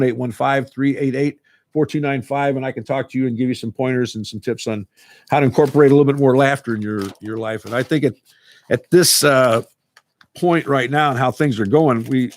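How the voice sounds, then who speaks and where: A man's voice: mid-range voice, dry recording. Man, laughter club teacher, earnest, casual, repeats himself, dry close sound. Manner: earnest, repeats words as he goes. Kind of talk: casual talk to camera.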